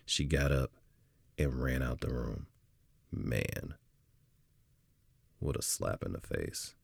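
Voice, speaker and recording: A man's voice: a bass voice, animated, slow pace, gravelly, slightly rough, dry recording. A middle-aged man hosting a podcast, telling a personal story in a reflective, candid way with frequent restarts. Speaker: podcast host. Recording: music bed playing underneath.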